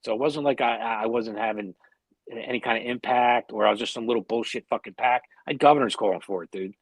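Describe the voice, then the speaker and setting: A man with a husky, slightly rough voice holds forth bluntly on a podcast, swearing freely and pressing his points. The sound is dry and close, with no room around it. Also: medium pitch, fast talker, no room sound. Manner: blunt, heated, heavy swearing. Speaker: podcast co-host. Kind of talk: casual podcast chat.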